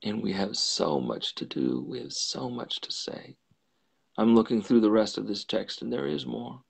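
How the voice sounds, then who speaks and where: A man hosting a storytelling show reads a classic novel aloud in a slow, deliberate way. His voice is low, with a gravelly fry and a husky edge. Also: expressive. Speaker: storyteller host. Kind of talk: live reading of a classic novel.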